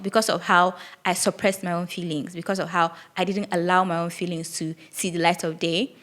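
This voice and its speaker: A woman's voice: medium pitch, fairly bright tone. A young woman, hosting a solo podcast and reflecting candidly aloud, with frequent restarts. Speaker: podcast host.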